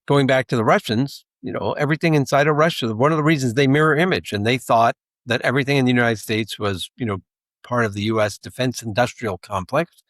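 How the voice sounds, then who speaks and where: A man's voice: mid-range voice, fairly bright tone, no echo. Rambling male podcast co-host. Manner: rambling, with restarts and asides. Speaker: podcast co-host, intelligence analyst. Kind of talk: casual podcast chat.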